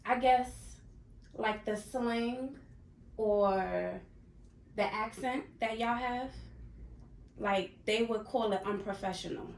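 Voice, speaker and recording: Gravelly-voiced woman podcast guest. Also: a little high, slow, long pauses. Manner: matter-of-fact, uses a lot of "like". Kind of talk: casual chat. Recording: echoey room with faint noise.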